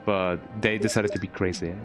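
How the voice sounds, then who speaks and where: With music playing behind him, a deep-voiced man talks briskly and in a steady tone while streaming a game. His casual commentary to viewers is playful, and he tacks an inquiring "eh?" onto almost every line.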